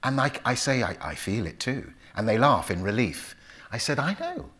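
Speaking at a moderate pace in a mid-range voice, this fifty-something author from England tells stories to a club audience in London English. He brings the dialogue to life by acting out each voice.

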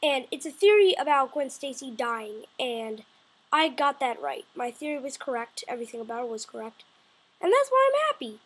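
A woman talking casually to camera as a video reviewer, excitable and rambling, often restarting and correcting herself mid-sentence. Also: high voice, moderate pace, slightly rough.

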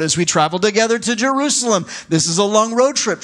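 A man preaching a sermon as pastor, conversational and animated, with asides to the congregation. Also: sits high, moderate pace, hardly any pauses.

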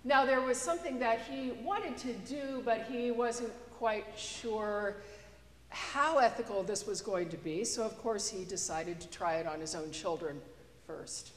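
In an echoey church with long reverb, a woman pastor delivers a sermon in a fairly high voice, taking her time. She preaches in a chatty, conversational way, telling a story and slipping in a joke.

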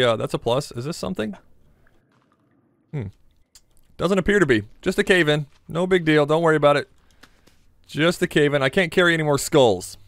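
A young man giving joking, excitable commentary while playing a survival horror game, talking to his viewers and swearing when startled. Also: a little high, dry recording. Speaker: gaming channel host.

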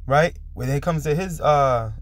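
A man's voice: a little high, takes it slowly, no echo. A man hosting a preaching video commentary, a little under the weather, talking emphatically and ending lines with "man". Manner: emphatic, repeats "man" at line ends. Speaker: religious commentary host.

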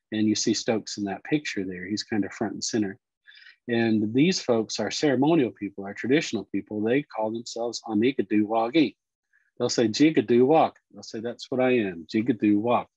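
A man teaching Cherokee words and culture, explaining slowly and repeating each word. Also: lowish voice, a little mellow, husky, dry recording, lo-fi sound. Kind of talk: explanatory lesson talk.

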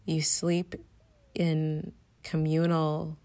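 Slow-talking low-voiced woman telling a story. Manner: animated, laughs often, acts out her own reactions. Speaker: podcast guest. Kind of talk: personal storytelling.

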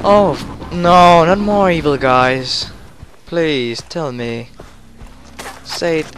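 A man doing let's play commentary who gets excitable, exclaims and yells at the game. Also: on the high side, takes it slowly, a little hiss or hum. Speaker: gamer. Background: game music and car sounds.

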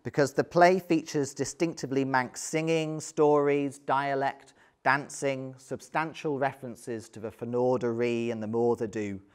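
A man's voice: mid-range voice, level tone, a little slow, clear, resonant tone. A man giving an illustrated history talk, conversational, with frequent ums and dry little asides. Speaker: lecturer.

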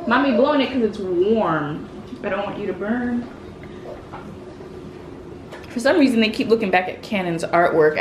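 In a home kitchen, a young mother of triplets films a casual vlog, chatting to the camera and coaxing her toddlers in sing-song baby talk. Her voice is mid-range, and the recording is reverberant with background noise.

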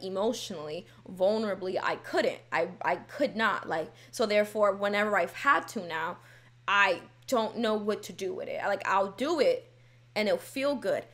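A woman's voice: medium pitch, fairly bright tone. Candid, rambling young woman vlogger. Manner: rambling, candid, frequent "like" fillers, laughs at herself. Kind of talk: casual confessional talk to camera.

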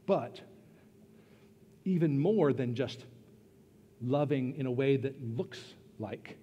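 A man preaching a sermon as pastor, earnest and emphatic, pausing and then rising into bursts of stress. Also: medium pitch, expressive, mellow, breathy edge. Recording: long reverb of a church hall.

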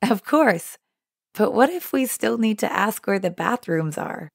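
A woman co-hosting a scripted language lesson, repeating phrases clearly for learners. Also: medium pitch, animated, unhurried, no echo, studio quality.

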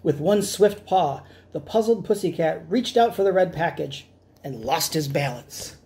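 A man, a teacher, reading a storybook aloud to children with expressive, dramatic delivery. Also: fairly high pitch, measured pace.

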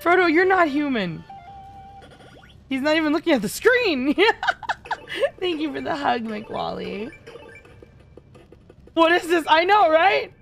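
A woman's voice: high voice, very animated, slow, gravelly, pauses often, fairly bright tone, faint music behind. A woman streaming a co-op game, chatting casually and teasing her teammates with lots of giggles. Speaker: VTuber streamer. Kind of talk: casual gaming stream chat.

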